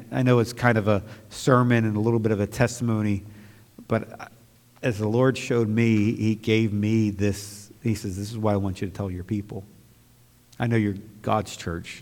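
A man preaching a sermon as pastor to his church, moving from quiet, reflective talk to loud, fervent outbursts. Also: fairly low pitch, gravelly, in a large hall.

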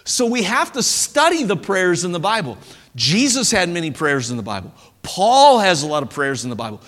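Lively high-voiced preaching man. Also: brisk, big-room sound. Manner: animated preaching with stammered restarts and playful impressions. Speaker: pastor. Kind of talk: sermon.

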